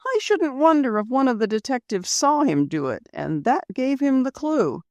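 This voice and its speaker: A spirited young shop girl from an old storybook, put on by a woman reading aloud. Her voice sits high and bright, with a breathless, rising lilt. It is a dry, close recording. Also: sing-song, normal speed, no echo, muffled recording. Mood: eager.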